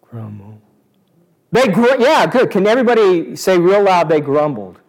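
A man preaching a sermon to a live congregation, animated and asking them questions. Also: sits high, moderate pace. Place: church service before a congregation.

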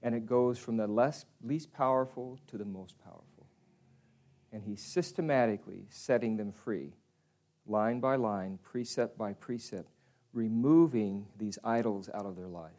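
A middle-aged man preaching a sermon in an earnest way, often dropping softer to speak as God. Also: lowish voice, measured pace.

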